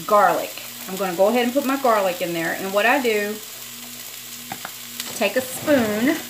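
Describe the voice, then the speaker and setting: Woman home cook vlogger, mid-pitched, casual and rambling, recorded over kitchen noise. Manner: chatty, rambling, apologetic asides. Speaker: cooking vlogger. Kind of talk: casual cooking demonstration. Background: frying and sizzling in a skillet.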